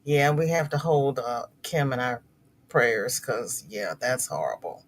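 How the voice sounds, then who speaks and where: Slow-talking sympathetic woman host. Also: rumbling low, a little hiss or hum. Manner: chatty, sympathetic, repeats words and restarts. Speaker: crochet livestream host. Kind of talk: casual livestream chat reading comments.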